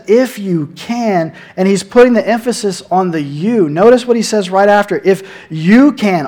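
A man's voice: high voice, a little mellow. A man preaching a sermon in an earnest way, often repeating words as he stresses a point.

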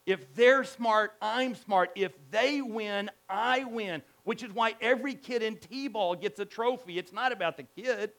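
A middle-aged man with a high-pitched voice preaches to his congregation. He is emphatic and animated, and he circles back on his words, repeating and restarting as he builds each point. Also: a little slow, hardly any pauses. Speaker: pastor. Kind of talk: sermon.

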